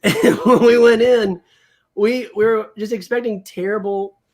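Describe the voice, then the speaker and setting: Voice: mid-range voice, fairly even intonation, measured pace, darkish tone. A livestream host chatting casually about comics and films, thinking aloud. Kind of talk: casual chat.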